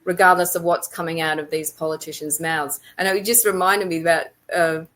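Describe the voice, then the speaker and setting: A woman with a fairly low voice talks as an interview guest. She is reflective and unhurried, and she often circles back and restarts a thought before she finishes it. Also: fairly even intonation, fairly bright tone. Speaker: author guest. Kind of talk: casual interview conversation.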